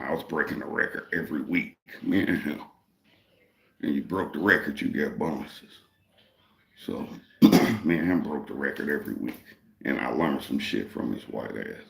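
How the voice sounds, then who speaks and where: A deep, gravelly man tells a long story in a loose, profane, streetwise way. His voice rings a little in an echoey room. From Detroit, Michigan. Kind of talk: casual storytelling.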